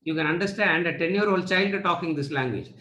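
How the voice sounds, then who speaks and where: A man's voice: on the high side, brisk, bright, forceful tone. Man lecturing with rhetorical questions. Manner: repeats rhetorical questions and answers them. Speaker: spiritual teacher. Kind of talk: lecture to students. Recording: echoey room.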